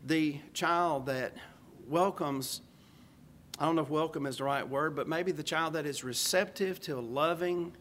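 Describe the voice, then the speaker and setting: Earnest older preacher with a slightly high voice. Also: male voice, a bit bright, slight background noise. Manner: earnest, measured preaching with folksy asides. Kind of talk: sermon.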